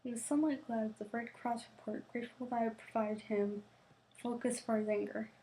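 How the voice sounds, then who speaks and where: A woman's voice: fairly high pitch, steady tone, fairly quick, mellow, slight background noise, rough recording. Young woman reading a novel aloud, stumbling. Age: young adult. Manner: stumbling and restarting on words. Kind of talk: reading aloud with casual asides.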